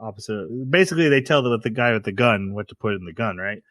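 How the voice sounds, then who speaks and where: A man's voice: lowish voice, expressive, fast talker, a bit bright, no echo, clean studio sound. A man hosting a casual podcast, rambling through an anime episode, laughing often and acting out quotes. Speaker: podcast host.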